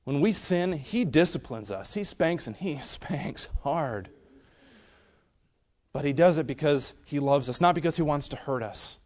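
A young man preaching a sermon in an earnest way, swinging from loud emphasis to soft, hushed storytelling. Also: a little high, lively intonation, measured pace.

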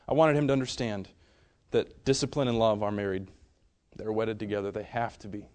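A young man preaching a sermon in an earnest way, swinging from loud emphasis to soft, hushed storytelling. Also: lowish voice, fairly even intonation, a little fast.

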